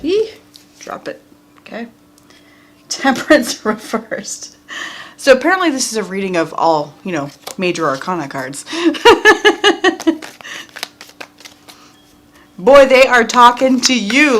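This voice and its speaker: A woman's voice: a little high, big pitch swings, unhurried, a bit bright, a little hiss or hum. A woman reading tarot cards for viewers in a casual, chatty way, talking straight to them and laughing often. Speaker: tarot reader.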